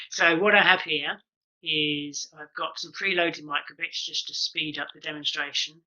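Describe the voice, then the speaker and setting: A man's voice: fairly high pitch, steady tone, normal speed, pushed and bright, low-quality recording. A man giving an online conference presentation over a video call, explaining projects with lots of ums and uhs. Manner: explanatory, filler-heavy with many ums and uhs.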